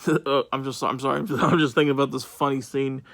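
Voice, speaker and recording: Guy rambling thru a movie review vlog, bit of vocal fry, lots of um and uh. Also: mid-range voice, fairly even intonation, a little fast, fairly bright tone. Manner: rambling, many fillers and restarts.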